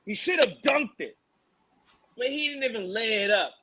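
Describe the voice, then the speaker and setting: Male podcast co-host, very high bright voice, loud animated ranter. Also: moderate pace, low-quality recording. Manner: animated ranting, mocking, laughing. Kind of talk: casual fight-talk podcast chat.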